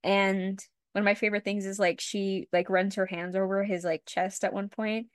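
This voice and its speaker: A woman's voice: medium pitch, flat delivery, moderate pace, clean tone, no room sound, clean studio sound. Young woman rambling through a retelling. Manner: rambling retelling with constant "like" fillers, swearing. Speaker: podcast co-host. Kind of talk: casual chat.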